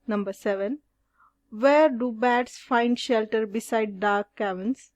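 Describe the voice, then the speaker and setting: A woman teacher works through a school exercise, reading each question and then its answer. She speaks slowly, in a somewhat high voice. The sound is dry and close, with no room around it. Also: a little mellow, dry recording.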